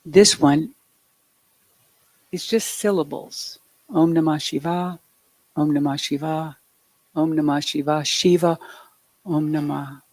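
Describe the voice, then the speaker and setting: A woman speaker giving a meditative sermon, soft and reflective, with light joking asides. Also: deep voice, dry recording. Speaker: spiritual speaker.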